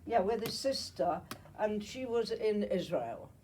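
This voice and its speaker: A woman's voice: medium pitch, lively intonation, a little slow, dark tone, distant mic, a little hiss or hum, low-quality recording. A woman in her eighties from Germany, a Holocaust survivor giving a slide talk to an audience, chatty and often checking in with her listeners, while nursing a cold. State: has a cold.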